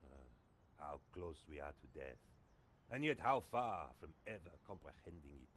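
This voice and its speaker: A deep-voiced, gallant French café owner. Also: male voice, big pitch swings, moderate pace, a bit bright, breathy edge, heavily acted. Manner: flowery, gallant. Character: philosophical French café owner, man, grandly courteous. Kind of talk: video game voice acting.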